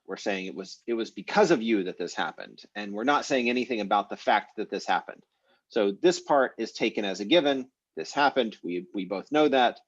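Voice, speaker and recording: Low-voiced man teaching an online class. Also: no echo, muffled recording. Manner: explanatory, casual, many fillers. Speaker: language teacher.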